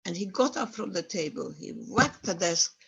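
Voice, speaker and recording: An elderly woman from the former Yugoslavia, with a husky voice, gives a personal testimony. She tells the story vividly and emotionally. She reaches for words in her non-native English and sounds stirred up by what she remembers. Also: on the low side, expressive, normal speed, a bit bright, lo-fi sound. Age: 80s. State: stirred up by memories. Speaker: Holocaust survivor guest speaker. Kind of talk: personal testimony at an online talk.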